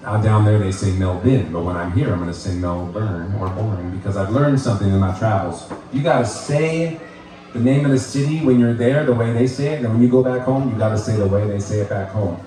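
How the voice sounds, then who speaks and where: A man's voice: fairly low pitch, fairly quick, mellow. A man from the United States telling a stand-up story to a live crowd, loose and laughing as he talks. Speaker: stand-up comedian. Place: bar with live audience. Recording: echoey venue, crowd noise, mic at a distance.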